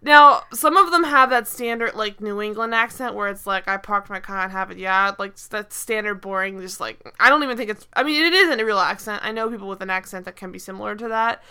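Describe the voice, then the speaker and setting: A woman's voice: on the high side, fairly quick, few pauses, bright, forceful tone, clear, resonant tone. A woman co-hosting a podcast, chatting casually about a TV episode in a rambling way, full of "like" and restarts. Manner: rambling, heavy use of "like", frequent restarts. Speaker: podcast co-host. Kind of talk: casual chat reviewing a TV episode.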